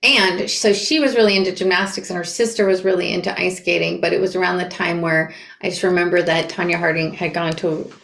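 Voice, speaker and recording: A woman's voice: fairly low pitch, fairly quick, vocal fry, roomy sound. A woman from Portland, Oregon reading a memoir aloud and breaking off into casual, chatty reactions. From Portland, Oregon, USA. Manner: casual, animated, chatty asides. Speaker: book reader and commentator.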